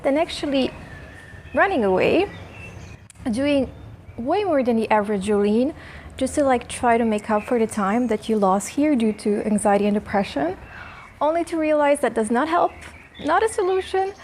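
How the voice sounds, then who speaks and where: A woman's voice: a little high, lively intonation, normal speed, darkish tone, slight background noise. A young woman from Croatia talking casually to camera in a vlog, chatty and self-deprecating, at times emotional. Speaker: vlogger. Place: outdoors in a hot town.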